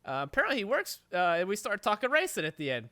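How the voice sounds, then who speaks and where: A man's voice: sits high, fast talker, no room sound. A man hosting a podcast, telling a long story casually with constant swearing and rambling asides. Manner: profane, rambling, animated storytelling. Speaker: podcast host.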